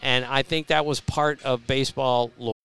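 A man in his sixties, a baseball journalist telling anecdotes as a podcast guest, animated and lively when he quotes people. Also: mid-range voice, moderate pace, loud music behind the voice. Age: 60s. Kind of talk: storytelling podcast interview.

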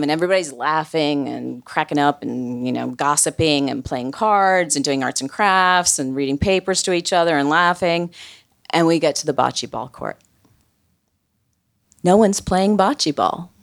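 A woman telling a funny personal story in a chatty way, full of "like" fillers. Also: low voice. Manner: chatty, comic, many "like" fillers.

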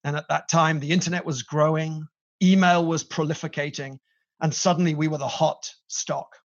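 Lively British man, gravelly voice. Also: a little high, normal speed. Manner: energetic storyteller, playful emphasis. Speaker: guest, company CEO. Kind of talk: podcast interview. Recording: dull lo-fi audio.

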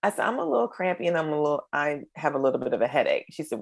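A low-pitched, middle-aged woman from the United States talks in a relaxed podcast conversation. She tells her stories with animation, slipping into the voices of the people she quotes. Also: racing, gravelly. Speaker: guest, creator of a menopause storytelling project.

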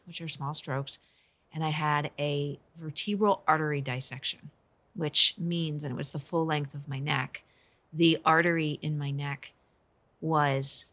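A woman in her forties speaks in an earnest, conversational way as she tells a personal story. Her voice sits low, but its tone is bright and forceful. She coaches business owners. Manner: earnest, emotional, conversational with restarts.

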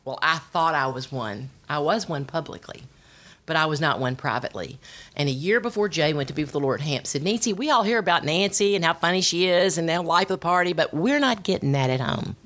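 Low-voiced woman telling her story. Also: brisk. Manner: animated storytelling with voiced quotes. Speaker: speaker sharing testimony. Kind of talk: personal testimony talk.

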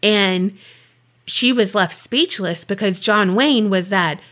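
A woman's voice: mid-range voice, takes it slowly, fairly bright tone. Chatty woman telling a true-crime story. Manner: chatty, loose, swears offhandedly. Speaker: podcast co-host.

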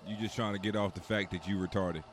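A man's voice: low voice, fairly even intonation, quick pace, noisy background. A man in casual group banter, teasing the others with slang and swearing.

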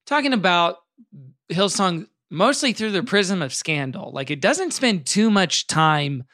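A man's voice: high voice, sing-song, a little slow, pushed and bright, no room sound. A man co-hosting a podcast, introducing the topic with dry, wry asides. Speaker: podcast co-host. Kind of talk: casual podcast chat.

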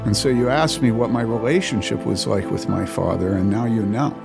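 A man's voice: on the low side, a little fast, gravelly, over loud music. A man from the Chicago area, a pastor and podcast host, telling a personal story in an earnest, emphatic way and repeating phrases for stress. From Chicago area, USA.

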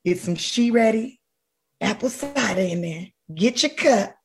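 A woman speaking as a board member, announcing results in a brisk, casual, playful way. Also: on the high side, animated, creaky. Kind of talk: lively celebration announcement.

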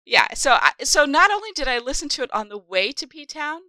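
A woman co-hosting a podcast, chatting casually as an animated storyteller. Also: sits high, a little fast, no room sound. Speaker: podcast co-host. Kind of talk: casual podcast chat about a book.

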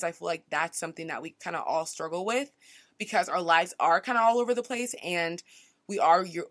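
Chatty young woman, low and dry. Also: fairly bright tone, dry recording. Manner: chatty, self-reflective, lots of "like" and "you know". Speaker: podcast host. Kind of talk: casual solo podcast monologue.

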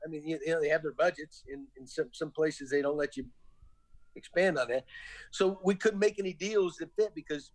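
Southern guy, middle aged, talks fast and rambly, lots of "you know", dry close sound. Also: on the high side, no echo, rough recording. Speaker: former baseball manager, podcast guest. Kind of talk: casual interview talk.

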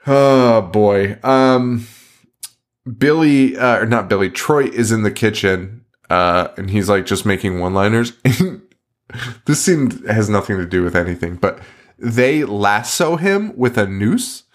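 A man's voice: lowish voice, lively intonation, a little slow. Profane, laughing man recapping a movie. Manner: profane, laughing, incredulous storytelling. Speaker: podcast host. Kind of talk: casual movie recap chat.

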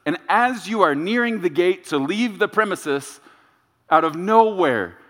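A male pastor delivering a sermon, emphatic and repetitive, with dramatic pauses. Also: sits high, lively intonation, a bit bright. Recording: reverberant church sanctuary.

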